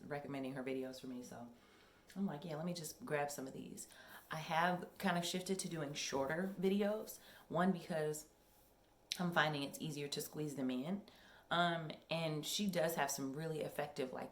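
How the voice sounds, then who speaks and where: A young woman with a low voice chats casually to her camera, rambling a little and filling pauses with ums. The sound is roomy with echo from her home workout space, and there is a faint hiss behind her. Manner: chatty, rambling, with many ums. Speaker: vlogger. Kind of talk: casual vlog chat.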